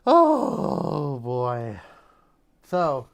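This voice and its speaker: A man co-hosting a casual live stream, speaking slowly and unhurriedly. He rambles, stops and restarts his thoughts, and laughs often. His pitch sits in a middle range. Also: huge pitch swings, gravelly. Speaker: podcast co-host.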